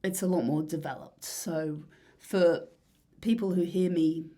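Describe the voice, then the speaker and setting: A woman musician talking casually in an interview, rambling and dreamy with many fillers and soft breathy asides. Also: fairly low pitch, steady tone, unhurried. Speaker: musician guest.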